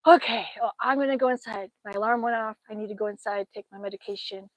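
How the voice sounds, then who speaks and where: A woman's voice: medium pitch, quick pace, hardly any pauses, no room sound, rough recording. A middle-aged woman livestreaming outdoors on her phone, chatting casually, reading viewer comments aloud and thanking them with frequent laughs. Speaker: livestream host.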